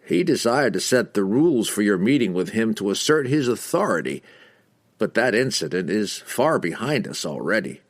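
A man reading an audiobook, voicing a courtly male wizard who speaks formally and slowly. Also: lowish voice, very animated, no room sound. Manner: formal, slow, old-fashioned speech.

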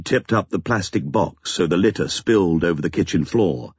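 A man narrating an audiobook in a steady, expressive reading, on a slightly dull lo-fi recording. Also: low voice, moderate pace, few pauses, breathy edge, dry recording. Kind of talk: scripted narration.

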